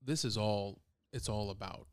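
A man's voice: lowish voice, normal speed, clean tone, no echo, studio quality. A man co-hosting a podcast in casual chat, rambling and restarting as he tells stories. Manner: rambling, restarts often when telling stories. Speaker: podcast co-host.

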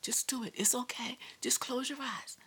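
A woman voicing the devil as a male tempter, in whispered role-play, coaxing with slow hypnotic repetition. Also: fairly high pitch, fairly even intonation, fairly bright tone, slightly rough.

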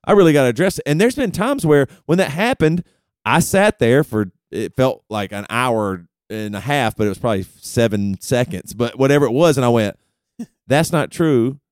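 A man's voice: mid-range voice, moderate pace, smooth, no echo, studio quality. A man co-hosting a casual podcast chat, telling stories and acting out his own inner voice. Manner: animated storytelling, acts out his own inner voice. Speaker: podcast co-host.

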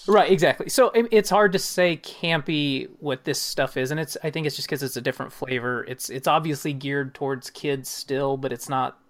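A man hosting a podcast in casual chat, animated, laughing often and restarting his sentences. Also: fairly high pitch, normal speed, few pauses. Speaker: podcast host.

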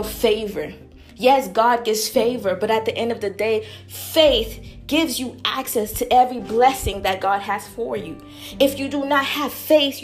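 Woman preacher, sermon delivery, emphatic and repetitive, slightly high pitch, faint music bed. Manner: emphatic, repeats phrases for stress.

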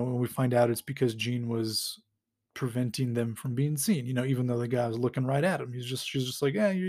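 A podcast host recaps a comic story in casual chat, his mid-range voice a little mellow. He rambles with amusement, chuckling often and leaning heavily on fillers.

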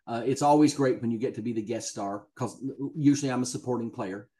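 Southern male guest, chatty raconteur, laughs through his anecdotes, mid pitch. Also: a little fast, warm tone. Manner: chatty storyteller, laughs often. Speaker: guest actor. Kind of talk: casual podcast interview.

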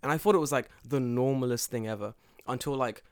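A man chatting casually as a podcast co-host, animated and swearing, with many restarts. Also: medium pitch, a little fast, dry recording, studio quality. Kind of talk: casual chat.

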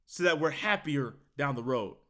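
A man hosting a solo sports podcast, telling a story with animated acted-out reactions. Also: mid-range voice, normal speed. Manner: animated storytelling, acts out his own reactions.

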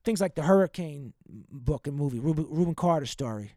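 A young man hosting a podcast, venting in a rambling, profane, casual monologue and giving shout-outs to listeners. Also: on the high side, expressive, fairly quick, dry recording, clean studio sound. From United States. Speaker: podcast host.

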